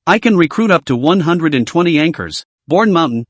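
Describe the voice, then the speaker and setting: Male recap narrator, animated, slightly high, dry close sound. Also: fairly quick, hardly any pauses, no room sound. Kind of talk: scripted story narration.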